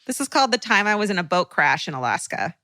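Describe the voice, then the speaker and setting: A woman's voice: on the low side, sing-song, fast, sharp tone, no echo. A woman co-hosting a podcast, reacting expressively and swearing freely, then reading a listener's story. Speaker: podcast co-host. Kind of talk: casual chat and story reading.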